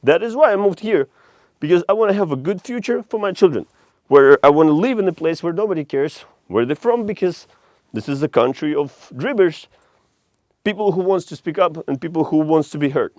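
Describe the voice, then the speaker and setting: A man with a Russian accent rants to camera in a blunt, heated, profane vlog monologue. His voice sits a little high for a man. The sound is dry and close, with almost no room around it. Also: expressive, a little fast, a little mellow, no echo. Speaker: vlogger.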